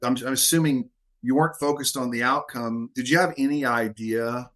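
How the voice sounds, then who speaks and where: A man's voice: medium pitch, steady tone, moderate pace, fairly bright tone. Easygoing male podcast host. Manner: affirming, conversational questioner. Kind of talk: casual interview.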